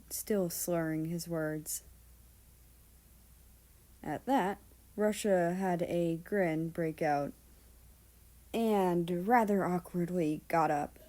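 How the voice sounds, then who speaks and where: Slow, mellow-voiced woman reading a story. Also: fairly low pitch. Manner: casual asides, occasional swearing. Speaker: fan fiction reader. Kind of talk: storybook narration.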